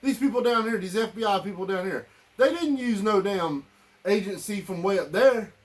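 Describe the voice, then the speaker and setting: A man with a drawl rants to his listeners, heated and circling back on his own words. His voice sits a touch higher than most men's. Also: expressive, moderate pace. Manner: heated, repetitive, addresses listeners as y'all. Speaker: political commentator. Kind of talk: angry political rant.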